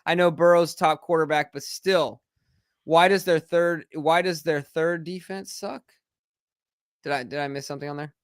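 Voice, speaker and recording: A man co-hosting a casual sports show, congested and quick to get worked up. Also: a little high, steady tone, smooth, dry recording, clean studio sound. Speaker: sports podcast co-host.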